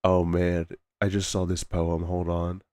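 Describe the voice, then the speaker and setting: A male streamer chatting casually on a live stream, soft-spoken and halting, trailing off between phrases. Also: low voice, completely flat delivery, over loud music.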